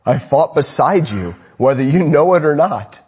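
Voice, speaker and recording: A man preaching an evening sermon to a congregation, impassioned, swinging between raised urgent lines and low, quiet ones. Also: lively intonation, normal speed, slightly rough. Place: church congregation, evening service.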